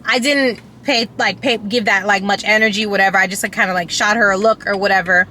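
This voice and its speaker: A woman vlogger talks through a personal story in a loose, rambling way, full of fillers, restarts and candid emotion. Her pitch sits in an ordinary middle range. Steady engine and road noise from inside a car runs clearly behind her. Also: fairly quick. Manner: candid, emotional, occasionally profane. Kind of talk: casual storytime chat.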